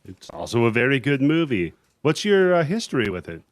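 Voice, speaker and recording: Male podcast host, casual and profane, mid pitch, home mic. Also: sing-song, fairly quick, dry recording. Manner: loose, swearing, jokey.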